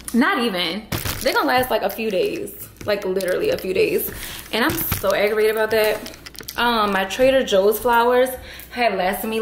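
A woman's voice: medium pitch, echoey room, a little hiss or hum. A woman vlogging casually at home, venting in an exasperated, emphatic way about a grocery order. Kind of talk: casual vlog talk to camera. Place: at home indoors.

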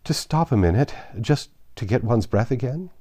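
A man's voice: fairly low pitch, sing-song, a little fast, dark tone, no echo. A man voicing a polite, inquisitive young girl in a storybook reading. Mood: curious.

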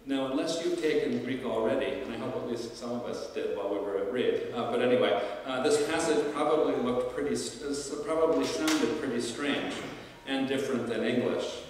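A man's voice: mid-range voice, fairly quick, a little hiss or hum. A man, a classics professor, lecturing to alumni in a thoughtful, searching way, with frequent fillers and restarts. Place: lecture hall. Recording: roomy hall, distant mic.

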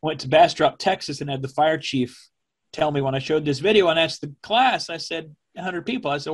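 A middle-aged man, a former television meteorologist, recalling events in a slow, measured way that turns emotional. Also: on the high side. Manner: slow, measured, speaking from the diaphragm. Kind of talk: emotional personal recollection.

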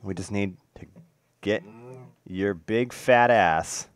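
A young man casually commentating his own game play, excitable and swearing, cooing baby talk at the animals. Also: lowish voice, takes it slowly. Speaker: gaming video host.

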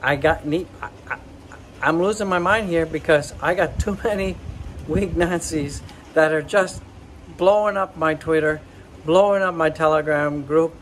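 A man hosting a crypto channel, giving a hyped-up pep talk that rallies his viewers and keeps breaking into loud, high chanted catchphrases. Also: measured pace, slight background noise, rough recording. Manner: rallying, repetitive, chants catchphrases; bursts of loud high shouts.

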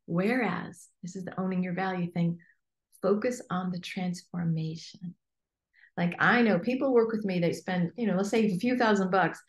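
A woman coach speaking as an interview guest, talking emphatically and in an animated way, often acting out imagined inner voices. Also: mid-range voice, reverberant.

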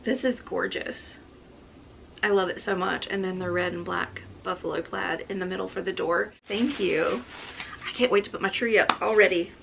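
Woman vlogger, effusive unboxing chat, bright gravelly voice, faint hiss behind. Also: lowish voice, fairly even intonation, brisk, low-quality recording. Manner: gushing, effusive, exclaims often. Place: home, indoors.

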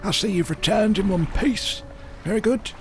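A man's voice: sits high, normal speed, slight background noise, voice pushed up, natural voice. A man voicing a polite, businesslike town mayor who lends money. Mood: smooth. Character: smooth-talking male town mayor lending money.

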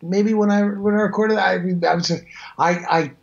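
This is a Canadian voice actor in his sixties, a guest in a casual interview, spinning rambling, self-deprecating stories. His voice is high, creaky and steady in tone, at a normal speed. The lo-fi audio sounds slightly dull.

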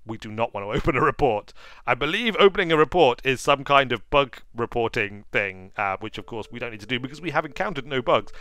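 A man's voice: medium pitch, animated, quick pace, fairly bright tone, no room sound. A man giving playful, jokey gameplay commentary as host of a let's play. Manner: playful, jokey, self-mocking.

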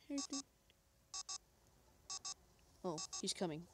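A woman's voice: fairly low pitch, expressive, unhurried, a bit bright, a little hiss or hum. A woman coaching a friend through a horror game in casual chat, reassuring and guiding. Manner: reassuring, guiding, loose and chatty.

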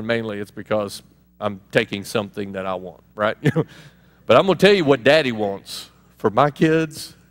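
Male pastor, animated and chatty, preaching in a reverberant church hall. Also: medium pitch. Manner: animated, conversational preaching with laughs and asides. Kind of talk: sermon.

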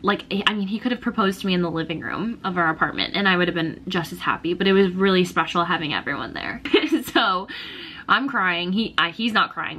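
Bright-voiced young woman vlogger. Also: on the low side, a little hiss or hum. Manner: emotional, gushing, lots of "like" and laughter. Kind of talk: casual storytelling vlog.

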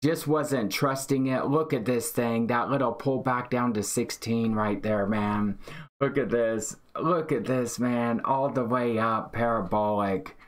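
A man hosting a live day-trading stream, excitedly reading out chat and calling trades. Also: medium pitch, measured pace. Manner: excited, hyped, reads chat aloud. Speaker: day-trading livestream host.

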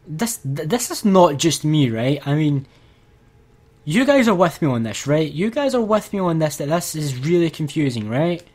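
Guy doing gameplay commentary, kinda high voice, ranting and fed up with the game. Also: sing-song, moderate pace, darkish tone, husky. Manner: exasperated, ranting to viewers. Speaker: let's play gamer.

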